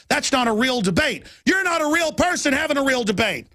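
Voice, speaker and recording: A man's voice: very high voice, big pitch swings, brisk, pushed and bright, dry recording. A middle-aged man hosting a radio show, ranting in a fiery political monologue and mocking his opponents in put-on voices.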